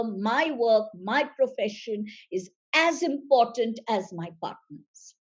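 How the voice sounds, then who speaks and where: Slow, breathy woman giving a seminar talk. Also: a little high, darkish tone, lo-fi sound. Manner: measured, emphatic, repeats phrases. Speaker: seminar speaker and facilitator.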